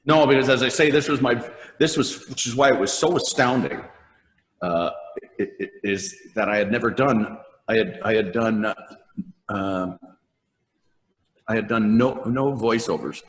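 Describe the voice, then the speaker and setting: An older man with a lowish voice tells long, wandering anecdotes, breaking into laughter and mimicking lines as he goes. His voice trails in a long, echoing reverb. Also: moderate pace. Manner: rambling, laughs often, acts out lines. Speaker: voice actor guest. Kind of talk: casual interview storytelling.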